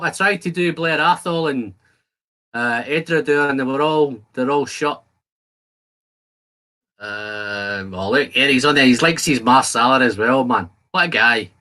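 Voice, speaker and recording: A man with a slightly high, bright and forceful voice tastes whisky on a casual livestream from his shed at home. Chatty and joking, he reads viewer comments aloud and banters with the audience.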